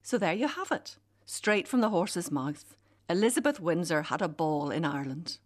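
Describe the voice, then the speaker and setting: A middle-aged woman reading her own personal essay aloud, in a wry, animated storytelling manner. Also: fairly low pitch, normal speed.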